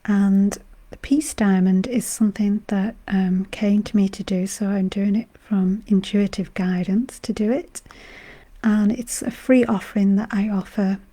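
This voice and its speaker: A woman from Britain who is unwell, her voice going, talking gently and softly as a meditation guide on a live stream, rambling with many fillers. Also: medium pitch, fairly even intonation, unhurried. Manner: soft-spoken, gentle and rambling, with frequent fillers. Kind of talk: casual spiritual talk on a live stream.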